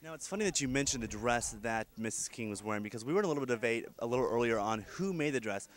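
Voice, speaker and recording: A man doing mock broadcast commentary as an event reporter, speaking in a deadpan, mock-formal announcer tone. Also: medium pitch, rapid-fire.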